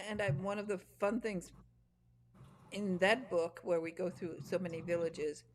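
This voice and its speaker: A woman's voice: on the low side, a little hiss or hum. A woman hosting an interview, chatting casually and laughing through rambling anecdotes. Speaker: podcast host.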